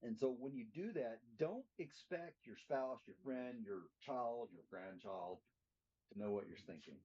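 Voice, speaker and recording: A man's voice: mid-range voice, a little slow, warm tone, slightly rough. A middle-aged man teaching a church class in a plainspoken way, putting questions to the group. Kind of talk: interactive teaching talk. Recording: dull lo-fi recording.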